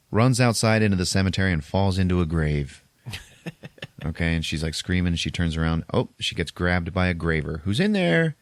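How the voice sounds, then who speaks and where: A man hosting a podcast and recapping a horror film in a casual way, animated and laughing often. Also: sits low, normal speed, long pauses, no room sound. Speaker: podcast host.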